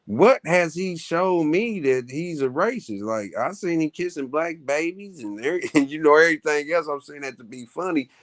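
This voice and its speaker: A man's voice: fairly high pitch, animated, normal speed, few pauses, fairly bright tone, no room sound. A man guest in a casual chat, rambling loosely and often asking "you know what I mean".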